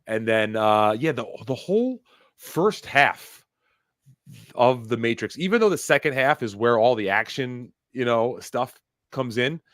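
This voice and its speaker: A man hosts a casual chat, rambling, emotional, and freely profane, with many fillers and restarts. His mid-range voice is recorded dry with clean studio sound.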